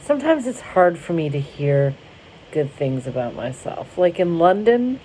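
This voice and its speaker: A woman's voice: lowish voice, sing-song, unhurried, dark tone, a little hiss or hum. A young woman from Florida telling a rambling, wry story to camera, interrupting herself as she goes. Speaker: vlogger. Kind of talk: casual storytelling. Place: car.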